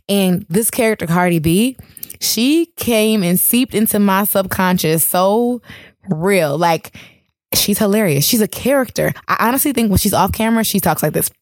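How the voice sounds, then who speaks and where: A young woman with a New York accent co-hosts a casual podcast, telling her stories candidly and laughing often. Her voice sits at a middle pitch, and the recording is dry and close, with no room sound. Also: expressive, moderate pace, no room sound. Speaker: podcast co-host. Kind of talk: casual chat.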